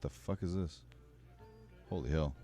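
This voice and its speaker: Low-voiced man rambling on a livestream. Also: measured pace, mellow, faint music behind. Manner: rambling, emotional, swearing casually. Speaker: streamer. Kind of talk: casual livestream chat.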